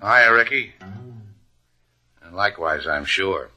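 A man's voice: low-pitched, lively intonation, slow, bright, forceful tone, heavily acted. A dry, wisecracking tough guy. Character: tough wisecracking boat owner, blunt. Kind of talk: 1950s radio drama acting.

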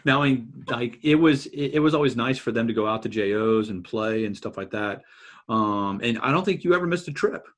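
A man's voice: medium pitch, animated, brisk, a bit bright. A man who hosts a casual podcast chat as a water polo coach, rambling along and filling his talk with "like" and "kinda". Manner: rambling, heavy use of "like" and "kinda".

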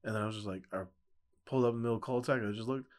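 A man's voice: on the low side, steady tone, racing. Laid-back young man telling a story. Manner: laid-back storytelling, laughs often, many fillers. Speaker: podcast guest. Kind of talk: casual chat.

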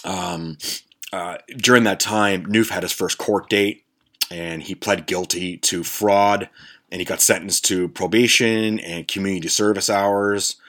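Low-voiced, foul-mouthed storytelling man. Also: steady tone, measured pace, fairly bright tone. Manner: profane, rambling, lots of restarts. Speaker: podcast host. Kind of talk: casual storytelling.

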